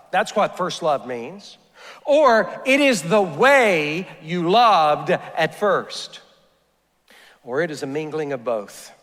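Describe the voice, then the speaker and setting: A man's voice: high-pitched, a bit bright, big-room sound. A man preaching a sermon as pastor, earnest and repeating phrases as he builds each point. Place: church sanctuary.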